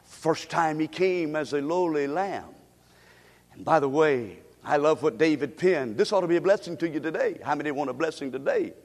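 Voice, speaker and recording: A man with a notably high voice delivers a sermon, calling his congregation to repeat lines back to him. The sound carries the long reverberation of a large church sanctuary. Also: animated, moderate pace. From United States. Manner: preaching with call-and-response to the congregation. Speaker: pastor.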